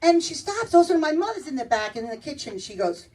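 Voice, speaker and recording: A woman's voice: sits high, very animated, fast, a little mellow, a little hiss or hum. A middle-aged woman doing a stand-up comedy set, brash and chatty, laughing through her punchlines. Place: comedy club stage with audience. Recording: distant club recording with crowd laughter.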